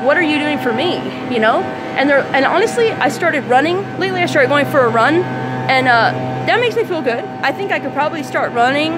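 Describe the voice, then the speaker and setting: A woman with a slightly high voice talks into her camera outdoors in a candid, rambling diary. She is blunt and swears often, circling back with fillers as she speaks. Loud music and passing traffic carry on behind her. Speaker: video diarist.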